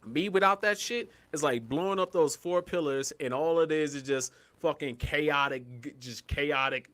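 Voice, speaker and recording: A young man from Colorado co-hosting a casual podcast, rambling and profane, breaking into loud hyped yelling. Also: fairly high pitch, normal speed. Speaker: podcast co-host.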